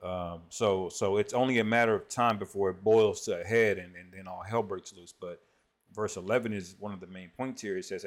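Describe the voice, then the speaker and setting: Low-voiced man giving casual scripture commentary. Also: steady tone. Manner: conversational, peppers speech with "man"; reads scripture verses aloud slowly. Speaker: online prophecy commentator.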